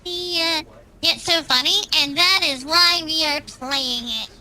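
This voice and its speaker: A woman's voice: high voice, a little slow, pushed and bright, rough recording. A woman streaming at home with a cat on her lap, chatting playfully and greeting her viewers one by one. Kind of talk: casual live-stream chat.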